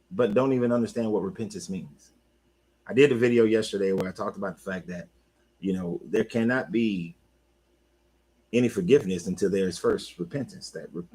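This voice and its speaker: A man talking casually on his own, an animated coach who repeats himself and talks back to the listener. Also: on the low side, breathy edge, low-quality recording. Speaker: life coach. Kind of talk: casual monologue.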